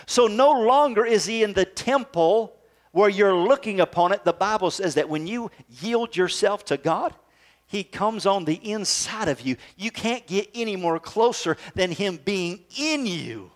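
A pastor preaching a sermon in a conversational way, often checking in with the congregation with quick tag questions. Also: male voice, sits high, lively intonation. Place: church service.

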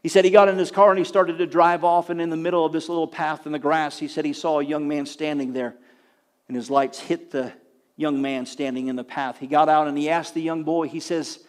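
A male preacher telling a story in a sermon, building to loud emphatic peaks and often repeating "he says". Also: on the high side, fairly even intonation, fairly quick, clean tone. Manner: dramatic retelling, rising to loud emphatic peaks; frequent repetition of "he says".

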